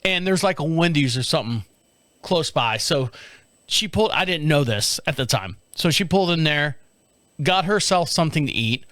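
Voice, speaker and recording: A man's voice: a little high, normal speed, no echo. A man hosting his own show, telling a casual story alone and acting out the voices in it with frequent laughs. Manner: animated, acts out quoted voices, laughs often. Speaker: podcast host.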